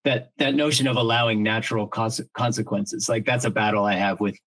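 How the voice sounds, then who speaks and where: A man's voice: on the low side, steady tone, a little fast, fairly bright tone, low-quality recording. A middle-aged man co-hosting a podcast in casual chat, earnest and reflective, thinking aloud with many restarts and the odd casual swear word. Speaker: podcast co-host.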